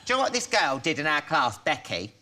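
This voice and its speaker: A man's voice: a little high, sing-song, fast talker. A man hosting a chat show, telling stories in a gossipy, camp way. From Britain. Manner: gossipy, camp storytelling with big laughs. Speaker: talk show host. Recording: loud studio audience noise.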